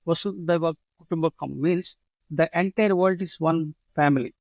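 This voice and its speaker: A man with an Indian English accent, a guest speaking spontaneously in an interview, repeating his motto and pausing often with fillers. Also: a little high, gravelly, darkish tone, no room sound, rough recording. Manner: repeats his slogans, halting with many fillers. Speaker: guest, leadership author.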